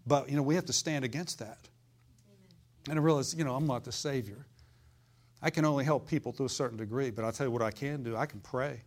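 A man's voice: mid-range voice, fast talker. A pastor preaching to his church. He is folksy and fiery and keeps asking the congregation for an amen. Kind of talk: sermon.

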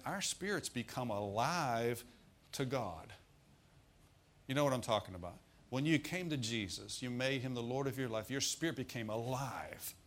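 Speaking at a medium pitch with a drawl, a male preacher gives a folksy, joking sermon. He tells the story with plenty of asides to the congregation.

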